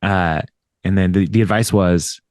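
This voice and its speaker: A man's voice: low-pitched, steady tone, measured pace, darkish tone, dry recording, studio quality. A man hosting a podcast, casually recapping an episode with a rambling manner, laughing often and acting out the characters' lines. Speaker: podcast host.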